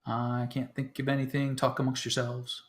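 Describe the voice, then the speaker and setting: A man's voice: medium pitch, completely flat delivery, normal speed. Chatty self-mocking male game master. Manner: talkative and self-deprecating, with many fillers. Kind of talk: casual rules explanation.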